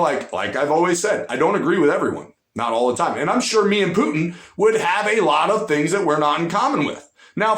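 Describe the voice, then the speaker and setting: A man's voice: a little high, a bit bright, reverberant. A man giving blunt, profane political commentary, ranting with emphasis and repeating lines for punch.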